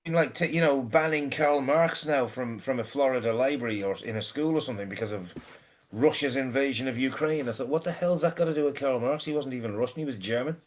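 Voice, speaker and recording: Guy going off on a rant, swears a lot, trips over his words, middle pitch. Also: quick pace. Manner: swears freely, stammers and repeats words. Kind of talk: casual ranting chat.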